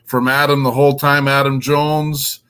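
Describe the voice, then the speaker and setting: Excited rambling man hosting a show. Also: medium pitch, normal speed, clear, resonant tone. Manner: enthusiastic, rambling with many fillers. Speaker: podcast host.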